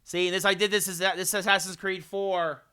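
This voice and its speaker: A man's voice: high voice, normal speed, smooth. A man chatting with his livestream viewers while calling hockey play-by-play in a video game. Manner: chatty, switching to excited hockey play-by-play calls. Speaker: streamer. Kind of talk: livestream gaming chat with play-by-play.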